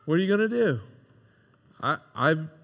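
Guy preaching a chatty sermon, kinda high voice, acts out little voices, big hall echo. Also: normal speed, creaky. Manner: conversational, animated, acts out quoted voices. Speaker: pastor. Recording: long hall reverb.

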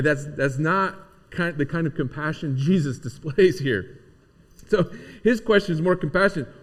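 Man preaching in a reverberant hall. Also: on the high side. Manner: conversational preaching with many restarts. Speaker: pastor. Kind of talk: sermon.

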